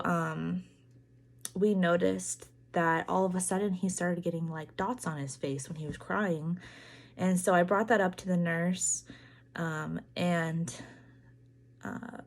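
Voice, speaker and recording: A woman's voice: lowish voice, creaky. Earnest young woman telling a story. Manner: earnest, halting retelling full of "like" and "um"; acts out others' lines in quoted dialogue. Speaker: parent telling a family story. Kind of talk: personal storytelling vlog.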